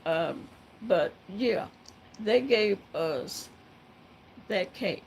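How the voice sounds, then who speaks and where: A woman telling a story to viewers in a halting, casual way, breaking into frequent laughter. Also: medium pitch, animated, slight background noise, rough recording. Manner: laughs often, halting with many fillers.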